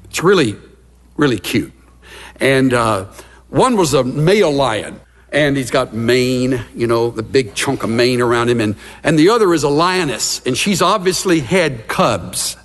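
A man's voice: medium pitch, animated, measured pace. A middle-aged man preaching a conversational sermon as a pastor, telling stories and acting out little scenes with gasps and asides. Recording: long reverb of a large hall.

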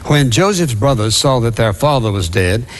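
A man's voice: mid-range voice, expressive, normal speed. Man preaching a conversational sermon. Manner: conversational, retells scripture with asides and fillers. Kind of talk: sermon with scripture reading.

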